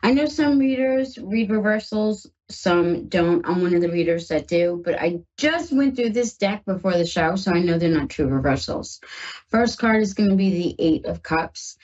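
A woman's voice: lowish voice, darkish tone, lo-fi sound. A woman from the northern United States hosting a live call-in psychic radio show, chatty and reassuring as she reads tarot and talks to her listeners.

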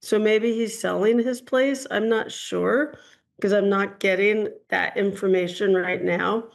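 Woman psychic host, gravelly low-energy fry, chatty and rambling, call-in reading. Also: steady tone, measured pace. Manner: chatty, hedging, frequent ums and "I'm getting". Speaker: psychic reader hosting a call-in show.

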